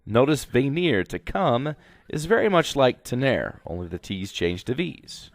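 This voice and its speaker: A man's voice: medium pitch, big pitch swings, measured pace, no echo. A man teaching a grammar lesson slide by slide, speaking instructively and repeating directions to students. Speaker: Spanish teacher.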